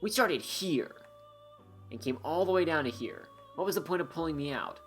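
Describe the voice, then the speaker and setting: A man's voice: a little high, lively intonation, normal speed. A man doing let's-play commentary, reading game text aloud between joking, sarcastic, rambling asides. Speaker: gameplay commentator. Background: faint game music.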